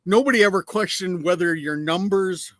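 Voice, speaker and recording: A man's voice: high voice, moderate pace, a bit bright, no room sound. A man co-hosting a podcast, chatting casually and affirming his guest. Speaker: podcast co-host.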